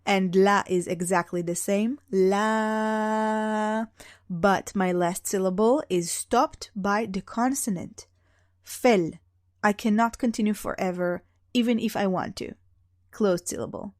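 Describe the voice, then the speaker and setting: A woman's voice: medium pitch, fairly even intonation, no echo, clean studio sound. A young woman teaching beginners how to read, explaining patiently and drawing out example sounds. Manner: patient, drawn-out demonstrations of sounds. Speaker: Hebrew teacher.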